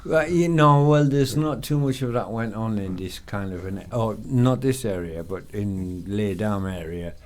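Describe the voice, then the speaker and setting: A man's voice: on the low side, unhurried, hardly any pauses. An English man with an English accent in casual podcast chat, rambling with many fillers and frequent swearing. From England. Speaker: podcast guest.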